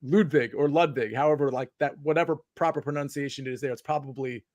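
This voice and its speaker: A man's voice: medium pitch, steady tone, fast talker, darkish tone, no echo. A man hosting a casual live sports chat, rambling with many filler words and restarts. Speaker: podcast host.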